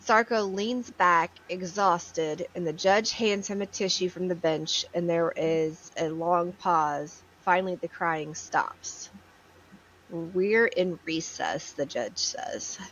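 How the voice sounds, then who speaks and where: A woman's voice: fairly low pitch, fairly even intonation, slow, hardly any pauses, fairly bright tone, muffled recording. A woman co-hosting a casual podcast, retelling a court case with a blunt manner and casual swearing. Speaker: co-host.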